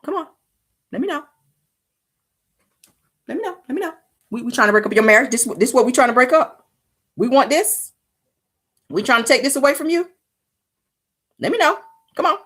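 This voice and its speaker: Sassy husky-voiced woman host. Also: high-pitched, lively intonation, fairly quick, long pauses, fairly bright tone. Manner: sassy, teasing, reacts to viewer comments; laughs often. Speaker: show host. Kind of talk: casual celebrity gossip commentary.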